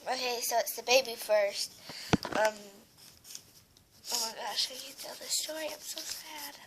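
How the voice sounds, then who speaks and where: Teen girl, tearful, rambling, lots of fillers, higher pitch, slight background noise. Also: unhurried. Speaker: vlogger. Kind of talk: casual storytelling to camera.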